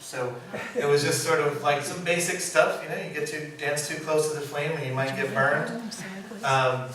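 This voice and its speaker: A man who works as a puppeteer, giving an informal, animated storytelling talk and laughing often as he acts out quotes. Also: a little high, moderate pace, a crowd in the background. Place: presentation room. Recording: echoey room, mic far, background noise.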